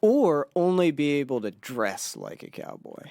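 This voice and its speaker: Co-host, laid-back man, laughs a lot, a bit high, dry mic. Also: very animated, a little slow, gravelly, dark tone, no room sound. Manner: laughs often, easygoing. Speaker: podcast co-host. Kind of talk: casual chat.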